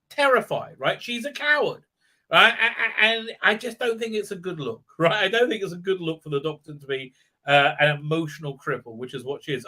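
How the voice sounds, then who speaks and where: A man's voice: high voice, pushed and bright. A man hosting a livestream, ranting sarcastically and checking in with "right?" between his many fillers. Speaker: host. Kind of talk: livestream commentary rant.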